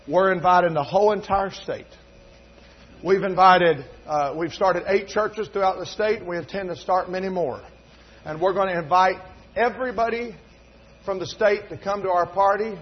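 A middle-aged pastor preaches with a high, husky voice. He tells homespun stories and then drives his points home with fervor. The recording sounds dull and lo-fi. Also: normal speed. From North Carolina, USA. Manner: folksy storytelling preacher, building to emphatic fervor. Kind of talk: sermon.

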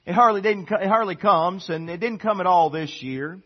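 Husky high-voiced preacher. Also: male voice, normal speed. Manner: animated, preaching with sudden loud bursts and chuckles. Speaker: pastor. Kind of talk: sermon. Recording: dull lo-fi sound.

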